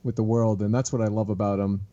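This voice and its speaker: A man's voice: fairly low pitch, level tone, fast talker, dark tone, dull audio. A man hosting a podcast, talking with enthusiasm and laughing often. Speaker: podcast host. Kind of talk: casual podcast chat.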